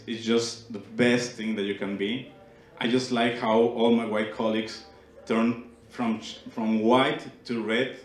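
A man's voice: mid-range voice, a little hiss or hum. Young Mexican man doing stand-up. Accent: Mexican Spanish. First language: Spanish. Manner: playful, teasing the audience. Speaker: stand-up comedian. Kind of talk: stand-up comedy set. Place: small comedy club stage. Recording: roomy club sound. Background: audience laughter.

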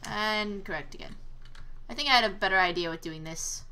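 Bright-voiced woman doing game commentary. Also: mid-range voice, fairly quick, slight background noise. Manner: exclaims and groans at failures, sarcastic asides. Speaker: gameplay commentator. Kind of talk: casual let's-play commentary.

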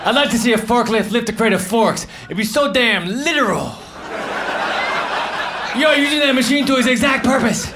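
A man performing live stand-up comedy, delivering deadpan one-liners with mumbled self-deprecating asides. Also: very high voice, moderate pace. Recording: noisy live club recording with audience laughter.

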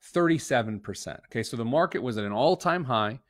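A man's voice: mid-range voice, expressive, a little fast, dry recording, studio quality. A middle-aged man hosting a finance live stream in a casual, upbeat, joking way.

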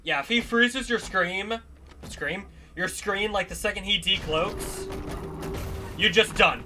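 Bright-voiced jumpy gameplay commentator. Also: male voice, high voice, a little slow, a little hiss or hum. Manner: jumpy, exclaiming, talks to the monsters. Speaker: gaming YouTuber.

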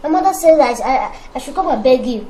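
A man's voice: extremely high pitch, expressive, fast, slight background noise. A man with a Nigerian accent playing a cheeky, scheming boy who pleads and wheedles. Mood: bargaining. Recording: roomy echo with loud film music.

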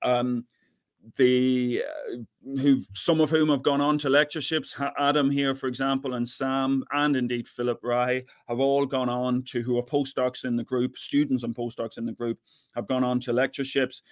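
A man's voice: mid-range voice, little pitch movement, moderate pace, dry recording. Middle-aged Irish man, professor lecturing over a video call, conversational with frequent restarts, dry close sound. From Ireland, near the Northern Ireland border. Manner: chatty, repeats words while thinking. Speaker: physics professor giving an invited talk. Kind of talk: online lecture.

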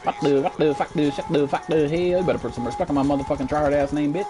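A young American man with a fairly high voice talks fast over background music while streaming a shooter game. He's profane and excitable, cursing constantly, ranting, and reading viewers' chat messages aloud as live gameplay commentary.

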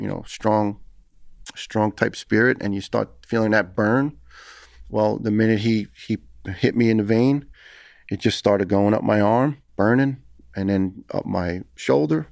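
Podcast guest: man, gravelly low voice, flat delivery, earnest storyteller. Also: dry recording, clean studio sound. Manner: earnest, heated, repeats words when emotional. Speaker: podcast guest, retired firefighter. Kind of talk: casual storytelling interview.

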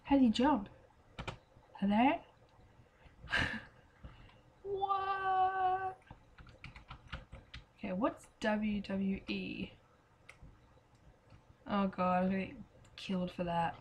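A woman playing a game and chatting as she goes, her voice going hoarse, swearing and singing to herself. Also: medium pitch, extremely slow, long pauses, lo-fi sound, a little hiss or hum. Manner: chatty, swears often, sings and mutters to herself. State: losing her voice. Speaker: gamer. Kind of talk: casual let's play commentary.

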